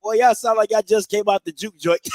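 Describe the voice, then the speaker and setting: Excitable man with a very high voice. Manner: excitable, shouting and laughing at clips. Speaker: host. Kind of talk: live-stream reaction talk.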